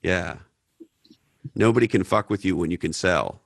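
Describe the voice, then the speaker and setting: A man's voice: low-pitched, moderate pace, creaky, no echo, studio quality. A man from Canada hosting a podcast Q&A, blunt and profane, telling stories in a casual way. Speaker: podcast host. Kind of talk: casual Q&A talk.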